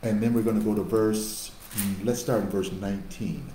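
Animated man preaching in an echoey room. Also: moderate pace, a little hiss or hum. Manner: animated, swings between loud exhortation and low asides. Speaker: pastor. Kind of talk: sermon teaching.

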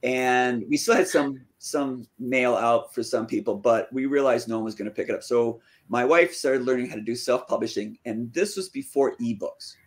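Male author, guest interview, conversational storytelling, mid-pitched voice with lively quoted asides. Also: moderate pace, few pauses. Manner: lively, acts out quoted dialogue with pitch jumps. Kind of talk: casual storytelling.

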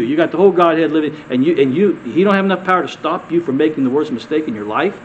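Guy preaching w a pretty high voice, rhetorical questions, dull lo-fi recording. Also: animated, quick pace, few pauses, a little hiss or hum. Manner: conversational, repeats words, rhetorical questions to the congregation; swings from loud emphatic peaks to quiet low asides. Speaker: pastor. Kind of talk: sermon.

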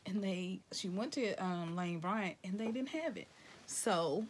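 A woman unboxing gifts for her viewers in a casual vlog. Her pitch swings widely as she gushes, and she drops into whispers at times. Faint crinkling sits behind her voice. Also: slow, a little hiss or hum. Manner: excitable, addresses viewers as "y'all", slips into whispers. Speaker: vlogger opening gifts.

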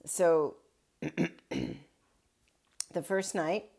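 A woman's voice: sits low, wildly swooping pitch, drawn-out words, vocal fry, a little mellow. A woman pastor giving a casual daily Bible reflection, retelling the story in a chatty way with wry asides.

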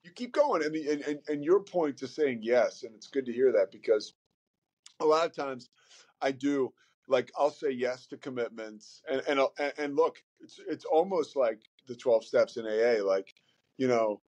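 A man's voice: medium pitch, lively intonation, normal speed, darkish tone. A man speaking as a podcast guest in casual conversation, candid and rambling, with many fillers and some swearing.

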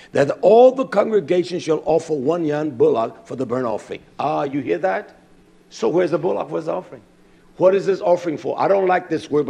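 A man preaching a sermon, reading scripture slowly and building to shouted emphasis. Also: on the high side, gravelly, breathy edge. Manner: quotes scripture with slow deliberate stress.

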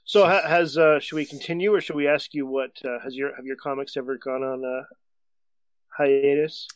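A man's voice: medium pitch, fairly even intonation, normal speed. A man co-hosting a casual podcast chat, upbeat and agreeable. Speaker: podcast co-host.

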